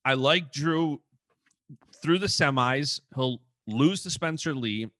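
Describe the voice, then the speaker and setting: On a podcast, a male co-host chats casually about wrestling, quick and animated, full of "like" and frequent restarts. His mid-range voice sounds bright and forward, and the recording is dry and close with no echo and little room around it.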